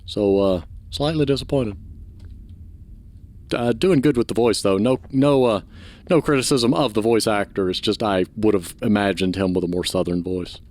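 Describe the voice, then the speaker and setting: A man's voice: lowish voice, moderate pace, a little mellow. A man commenting casually while playing a video game, offering critique as he goes. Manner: chatty, critiquing, offhand. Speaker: gaming channel host. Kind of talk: let's play commentary.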